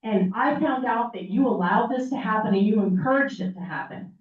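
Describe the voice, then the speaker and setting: A woman's voice: mid-range voice, animated, fairly quick, a little hiss or hum. An older woman making an upset, emphatic public comment at a city meeting, pleading with the officials. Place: city council chamber. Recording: echoey room mic, heard from far off, dull.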